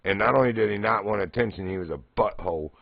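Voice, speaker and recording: Low gravelly man, laughing storyteller. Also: quick pace, dry recording, dull audio. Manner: laughs often while telling stories. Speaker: streamer. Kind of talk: casual chat while fishing in a game.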